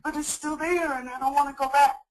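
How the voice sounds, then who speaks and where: A woman's voice: high voice, steady tone, fairly quick, lightly acted, rough recording. A woman acting in a training role-play as a frightened woman fleeing an abusive partner, tearful and repeating herself. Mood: panicked.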